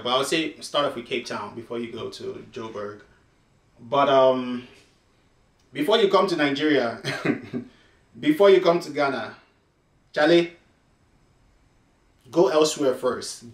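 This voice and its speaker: A man's voice: mid-range voice, a bit bright. A man from Africa hosting, chatting to camera in an emphatic, casual way as he reacts to a clip. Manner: emphatic, chatty, addresses viewers directly. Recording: roomy echo.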